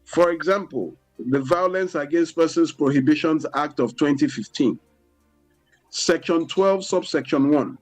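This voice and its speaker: A man's voice: on the high side, a little mellow, faint music behind, rough recording. Nigerian man explaining on radio. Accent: Nigerian English. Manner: deliberate, explanatory, peppered with "you know". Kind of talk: radio talk show explanation. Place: radio studio.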